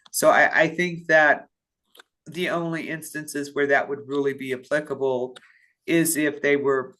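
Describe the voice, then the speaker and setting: A woman's voice: a bass voice, a bit bright. A woman from a payroll office is presenting in a webinar for staff. She reads out attendee questions and answers them at length, thinking aloud with frequent fillers and restarts. She also has the hiccups.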